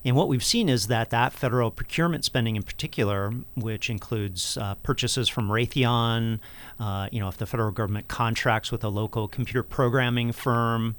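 A man who directs an economic research center, answering interview questions in a measured, explanatory way with frequent fillers. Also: medium pitch, fairly bright tone.

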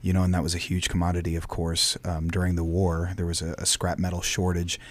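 A man's voice: deep voice, monotone, fairly quick, dry recording. A man, a stage actor, chatting casually in an interview, rambling with many restarts.

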